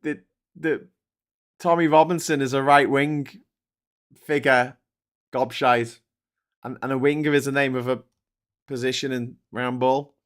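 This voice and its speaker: A man from Liverpool, England, with a Scouse accent hosts a casual live-stream chat, rambling along with frequent fillers and laughs. His voice is mid-range and fairly bright.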